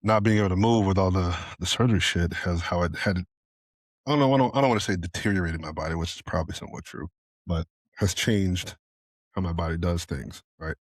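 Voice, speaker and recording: A deep-voiced man in relaxed podcast banter, laughing easily and swearing casually. His sentences wander and restart as he thinks aloud. The sound is dry and close, with little room echo. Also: fairly quick. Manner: laughs often, loose and profane, trails off and restarts. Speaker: podcast co-host. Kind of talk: casual chat.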